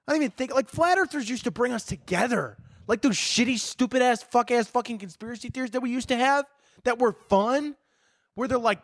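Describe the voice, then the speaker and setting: A young man hosting a podcast, ranting in a profane, animated way with bursts of shouting and laughter. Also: very high-pitched, fairly quick, no echo, clean studio sound. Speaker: podcast host. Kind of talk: solo comedic ranting.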